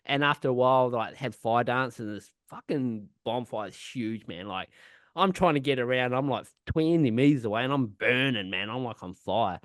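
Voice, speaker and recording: A man's voice: medium pitch, normal speed, dry recording, clean studio sound. A man co-hosting a podcast, telling a rambling, swear-filled festival story in casual chat. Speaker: podcast co-host.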